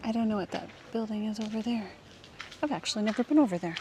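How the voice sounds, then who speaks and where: A woman vlogging as she walks through a public garden, gushing over the plants and often dropping to a hush, recorded on a handheld camera mic. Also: medium pitch, quick pace, noisy background. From Canada. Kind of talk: casual walk-and-talk vlog.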